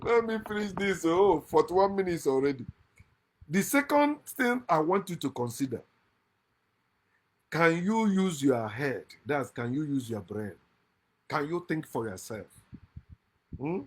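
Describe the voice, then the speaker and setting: A man from Nigeria, hosting an impassioned monologue, emphatic and lecturing, with loud outbursts, quiet asides and frequent laughter. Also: on the high side, very animated, measured pace, long pauses. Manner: laughs often mid-speech. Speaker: channel host. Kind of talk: impassioned monologue against religion. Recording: lives in America.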